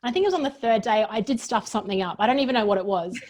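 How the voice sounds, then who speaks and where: A woman who runs workshops, a guest on a chat show, telling stories earnestly in quick bursts. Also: a little high, expressive, a little mellow. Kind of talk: casual interview chat.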